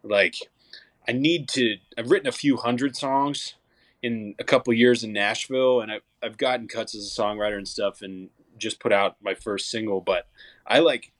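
A man's voice: fairly low pitch, fairly bright tone, no room sound. A young man, a songwriter and musician, chatting casually as an interview guest, rambling with frequent restarts and fillers.

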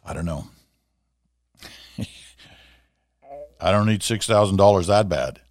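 A man's voice: low voice, takes it slowly, darkish tone, no echo. A middle-aged man hosting a radio talk show from a small home studio, chatting casually with lots of asides. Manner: chatty, conversational, with asides and filler words.

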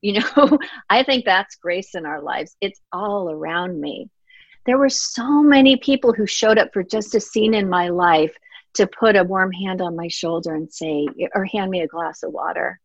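A middle-aged woman with a mid-range voice talks at a moderate pace as an author guest in a reflective interview. She comes across as earnest and heartfelt, often reenacting words she once said. The dry, slightly dull recording has no room sound.

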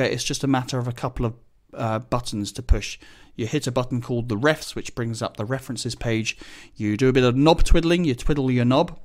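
A man, a pilot, explaining flying procedures in a relaxed, chatty monologue. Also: medium pitch. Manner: chatty, relaxed, explains technical terms plainly. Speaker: business jet pilot.

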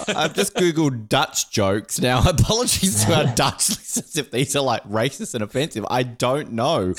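A male podcast co-host chatting casually with friends. His pitch rises and falls a lot, and he slips easily into playful joking. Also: expressive, moderate pace, few pauses. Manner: jokey, puts on silly high voices. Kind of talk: casual chat.

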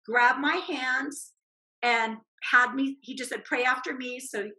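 A woman telling a personal faith testimony as a guest, animated and acting out the voices in her quotes. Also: high-pitched, unhurried, poor audio.

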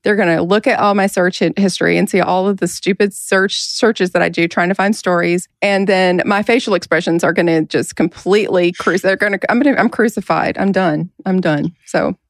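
A woman's voice: fairly low pitch, steady tone, brisk, few pauses, dry recording, studio quality. A woman hosting a casual podcast, talking earnestly and laughing often. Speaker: podcast host.

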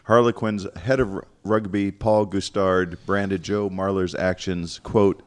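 A man's voice: low-pitched, flat delivery, a little slow. A man co-hosting a comedic podcast, reading news stories aloud with mock seriousness and joking along the way. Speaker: podcast co-host.

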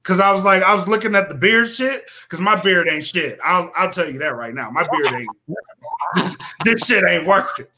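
A man co-hosting a podcast, telling stories in a casual, animated, profane way and laughing often. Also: high voice, normal speed, heavy background noise. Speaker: co-host.

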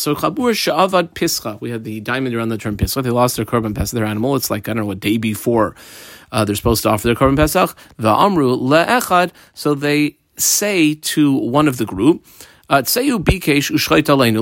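A man's voice: medium pitch, a little fast, dry recording. Casual man teaching Talmud, dry sound. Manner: conversational, peppered with Hebrew and Aramaic terms; uses fillers, poses and answers his own questions. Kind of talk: daf lesson explaining the text.

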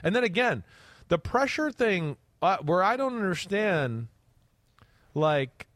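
A man's voice: sits high, sing-song, slow pace, a bit bright, no echo, clean studio sound. A man co-hosting a football podcast, talking bluntly and emphatically, swearing and hammering points home. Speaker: podcast co-host, draft analyst. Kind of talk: casual football podcast chat.

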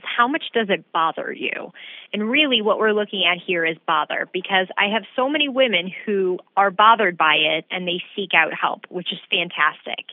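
A woman physician answering interview questions in a measured, explanatory way. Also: mid-range voice, dry recording. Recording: tinny phone-like dry sound.

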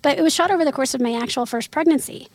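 A woman from Missouri in her thirties, a voice actress chatting in an interview, animated and quick with asides and laughter. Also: high voice, no echo. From Missouri, USA. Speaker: voice actress guest. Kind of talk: casual interview chat.

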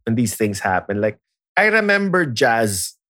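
Filipino man, casual animated storyteller, mid-pitched voice, dry close sound. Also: moderate pace, dry recording. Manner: animated, code-switching, frequent filler tags.

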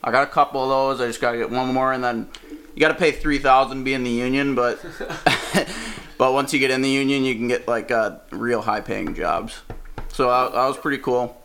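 A man's voice: mid-range voice, a little fast, slight background noise. A man from Wisconsin, a stand-up comedian, telling a story casually, swearing and laughing as he goes. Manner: profane, animated, laughs mid-story.

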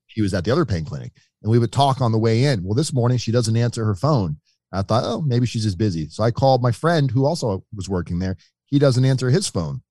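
A man's voice: medium pitch, fast talker, dry recording, studio quality. A middle-aged man, a podcast guest telling his own story and acting out the voices of the people in it. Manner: animated storyteller, acts out quoted voices. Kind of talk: storytelling in an interview.

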